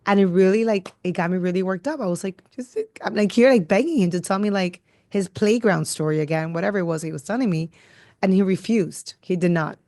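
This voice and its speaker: A woman's voice: mid-range voice, a little fast, darkish tone, dry recording. A woman co-hosting a podcast from a studio, chatting casually and rambling with many "like"s. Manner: rambling, lots of "like". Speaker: podcast co-host. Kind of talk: casual chat. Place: recording studio.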